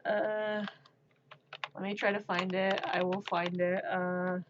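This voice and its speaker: Woman streaming, talks slow and rambles, jokes at herself, kinda muffled lo-fi sound. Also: medium pitch, little pitch movement, noisy background. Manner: rambling, self-mocking, laughs at herself. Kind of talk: casual chat. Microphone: streaming microphone.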